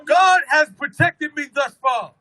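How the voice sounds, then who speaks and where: A man giving an impassioned protest rally speech, shouting fiery, rhythmic oratory. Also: very high voice, measured pace, rough recording. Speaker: rally speaker.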